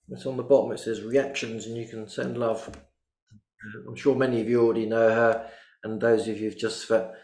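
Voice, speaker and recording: A man's voice: medium pitch, roomy sound. A man hosting a live stream, effusive and full of thanks to his guest. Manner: effusive, warm thanks, repeats "beautiful". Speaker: host.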